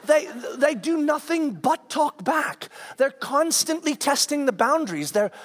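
A man in his forties, a camp speaker, telling a story in a sermon with animated restarts and stammers. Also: extremely high pitch, measured pace, a faint crowd. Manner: acts out quoted people in raised voices.

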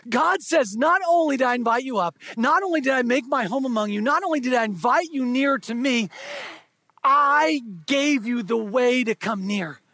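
A male pastor delivering a sermon in a strikingly high, breathy voice. He leans in with quiet, intimate asides, then builds to loud, drawn-out proclamations. The sound is close and dry, with no room echo. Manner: swings from hushed, intimate asides to shouted, drawn-out emphasis.

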